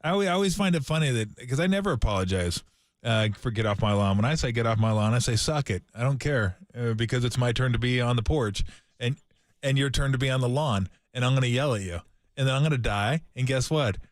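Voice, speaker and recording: A man's voice: mid-range voice, lively intonation, quick pace, dry recording. A man co-hosting a sports radio show, ranting emphatically in a mock-grumpy way during casual studio banter. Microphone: studio microphone.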